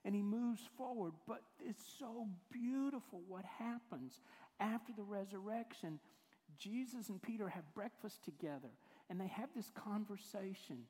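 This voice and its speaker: A man's voice: high voice, normal speed, a little mellow. A male pastor, giving a conversational sermon full of acted-out quotes. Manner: conversational storytelling, acts out quoted voices. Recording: hall reverb.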